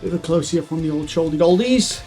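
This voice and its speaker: A man's voice: a little high, animated, fast talker, a little mellow, faint music behind. A young man chatting casually to camera about his diet and training, playful, with silly whoops and hums. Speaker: fitness vlogger. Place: home and garage gym. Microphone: shotgun mic on camera.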